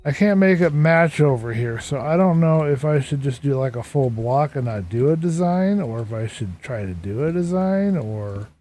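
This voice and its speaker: A man's voice: mid-range voice, lively intonation, normal speed, few pauses, mellow, a little hiss or hum. A tired, worn-out man streaming a building game, rambling to himself as he works and greeting viewers in chat. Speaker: Minecraft streamer. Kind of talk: casual live-stream commentary while building. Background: background game music.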